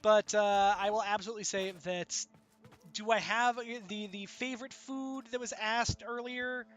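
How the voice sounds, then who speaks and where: A man's voice: high voice, fairly even intonation, a bit bright. A man streaming a game, chatting casually with a co-player and viewers, often stopping and restarting his sentences. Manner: halting, many restarts and fillers. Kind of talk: casual chat while gaming.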